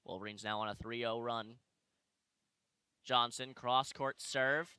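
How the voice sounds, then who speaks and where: Young male play-by-play announcer, very bright voice, dry sound, quick live calling. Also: mid-range voice, steady tone, smooth, no echo. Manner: fast play calling with corrections. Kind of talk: live sports commentary. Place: arena broadcast position.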